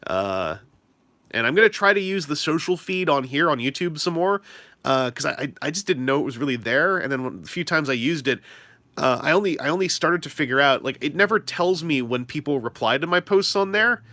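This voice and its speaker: Streamer type: young guy, bright and animated, chatty and self-deprecating, close dry mic. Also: fairly high pitch, a little fast, no room sound. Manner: rambling, self-deprecating, lots of fillers. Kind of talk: casual livestream chat.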